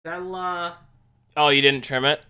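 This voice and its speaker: A woman's voice: low-pitched, unhurried, pushed and bright, clean tone. A woman streamer chatting casually, stammering and mocking herself with minced swears.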